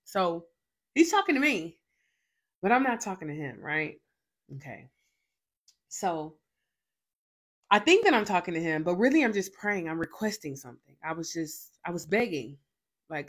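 A young woman shares a personal faith testimony as a show host. She talks emphatically, circling back with repeated fillers, in a slightly low voice. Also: big pitch swings, normal speed, long pauses.

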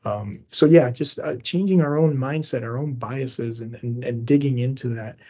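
On a podcast as a guest, a Cuban educator in middle age speaks earnestly in conversation, turning emphatic as he drives home his points. The lo-fi recording captures a medium-pitched voice that's mellow and husky, at a normal speed.

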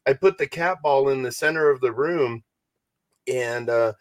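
A man's voice: mid-range voice, unhurried, no echo. Podcast cohost guy, middle voice, bit hesitant, lots of ums, dry mic. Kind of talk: casual podcast chat.

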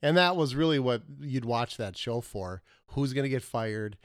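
A man co-hosting a casual podcast, animated and quick to laugh. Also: mid-range voice, dry recording, studio quality. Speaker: podcast co-host. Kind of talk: casual chat.

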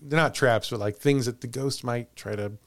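A man's voice: medium pitch, normal speed, dry recording. A man hosting a podcast, telling a ghost story in casual chat and laughing often. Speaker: podcast host.

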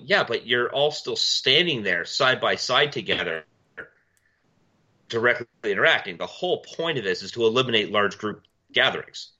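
A man co-hosting a podcast, telling stories in blunt, profane casual chat and mimicking people he argued with. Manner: blunt, profane storytelling, mimics people in loud high voices. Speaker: podcast co-host. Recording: dull lo-fi audio.

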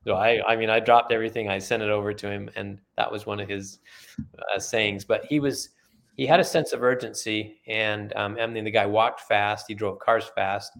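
Man, retired, gravelly, relaxed, anecdotal, filler-heavy. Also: fairly low pitch, normal speed. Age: middle-aged or older, retired. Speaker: guest, author and former company sales leader. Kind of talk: conversational storytelling.

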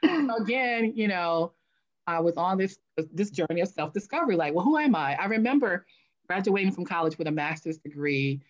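Woman telling her story all animated, voice jumps around, kinda dull lo-fi sound. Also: on the low side, moderate pace. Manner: animated, acts out her own past voice. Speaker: guest, author. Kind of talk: interview storytelling.

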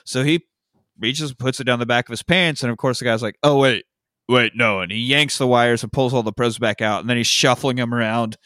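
Male podcast co-host, mid-pitched, easygoing storyteller, swears freely, dry close sound. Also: fairly even intonation, quick pace, few pauses, a bit bright, no room sound. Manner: laid-back storytelling with profanity and frequent laughs. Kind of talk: casual movie recap chat.

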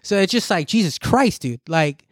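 Animated, foul-mouthed man telling a story. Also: sits high, normal speed, no echo, clean studio sound. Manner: animated, profane, acts out quotes. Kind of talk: casual storytelling chat.

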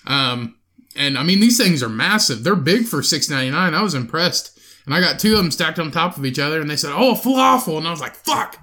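A young man co-hosting a podcast, telling a profane, animated story in casual chat and acting out the quotes. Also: a little high, a little fast. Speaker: podcast co-host.

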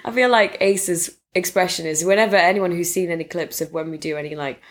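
A woman's voice: lowish voice, fast. Woman, podcast co-host, dry mock-formal prompts, teasing improv chat.

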